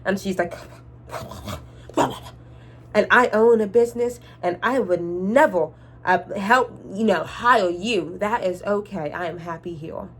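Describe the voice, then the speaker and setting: A young woman with a soft R sound, telling a storytime rant on her vlog, exasperated and swearing freely. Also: mid-range voice, unhurried, slightly rough. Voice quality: cannot say R sounds. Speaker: vlogger.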